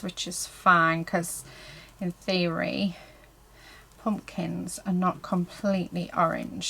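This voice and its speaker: A woman's voice: fairly low pitch, creaky, bright, forceful tone, low-quality recording. Chatty woman crafting, full of fillers. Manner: chatty, heavy on fillers like "so yeah" and "um"; talks to herself and her viewers as she paints. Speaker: crafting vlogger. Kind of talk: casual chat while crafting. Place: indoors at a craft table.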